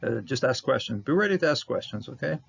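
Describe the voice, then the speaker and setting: A man teaching a verse-by-verse Bible Hebrew lesson, halting with fillers and restarts, repeating words for stress. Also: medium pitch, animated, creaky. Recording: dull lo-fi audio with faint noise.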